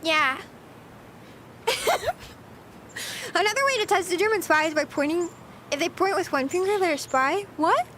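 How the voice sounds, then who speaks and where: A woman's voice: extremely high pitch, moderate pace, long pauses, pushed and bright, a little hiss or hum. A woman streamer chatting casually with her live chat, giggly and talkative, answering questions as she goes.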